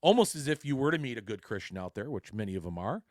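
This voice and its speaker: A man's voice: mid-range voice, very animated, fast, a little mellow, dry recording, clean studio sound. A man hosting his own podcast, telling a story in a blunt, rambling way full of swearing. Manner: blunt and heavily profane, rambling with frequent restarts. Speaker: podcast host. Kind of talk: casual solo podcast storytelling.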